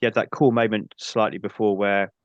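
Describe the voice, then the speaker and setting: Man, guest; low voice, easygoing, lo-fi dry sound. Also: fairly even intonation, a little fast, clean tone, dry recording. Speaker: podcast guest. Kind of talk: casual film discussion.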